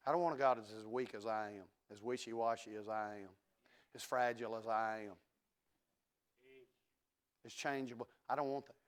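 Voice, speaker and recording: A middle-aged preacher man delivering a fiery sermon in a church. He drops to quiet, conversational asides, then rises to loud, ringing declarations, with his voice sitting at an ordinary male pitch. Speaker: pastor. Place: church sanctuary.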